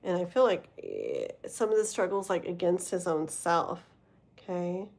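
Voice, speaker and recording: A woman's voice: on the low side, wildly swooping pitch, a little slow, gravelly, a little mellow. A woman reading tarot on a live stream, talking loosely and conversationally. She rambles through her thoughts, leans hard on fillers like "like" and "um," and addresses her viewers directly. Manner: rambling, filler-heavy, casual. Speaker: tarot reader.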